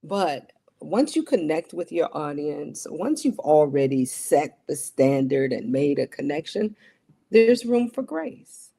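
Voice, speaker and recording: A woman's voice: low-pitched, sing-song, slow, gravelly, warm tone, slightly rough. A middle-aged woman, a television broadcast journalist, talking in an interview in an earnest, emphatic way that repeats its key points. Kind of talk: interview conversation.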